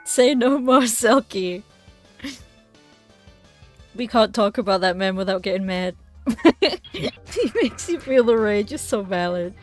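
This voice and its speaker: A young woman streamer in casual chat while playing, giggly and animated, swearing freely. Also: mid-range voice, a little slow, long pauses, faint music behind.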